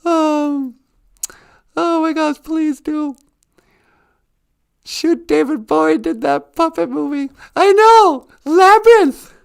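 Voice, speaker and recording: Giggly, high-voiced woman streamer. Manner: giggly and animated, laughing often. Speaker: live stream host. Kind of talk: casual chat.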